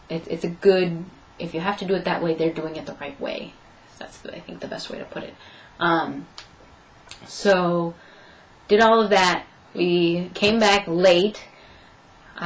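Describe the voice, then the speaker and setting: A woman's voice: on the low side, muffled recording. A young woman telling a story in a casual vlog update, chatting and acting out both sides of her conversations. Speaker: vlogger.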